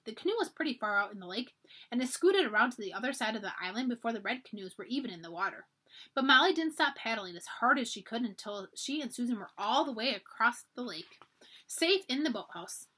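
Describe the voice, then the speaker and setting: A woman's voice: a little high, pushed and bright, husky. A woman reading a children's storybook aloud for a library, narrating expressively.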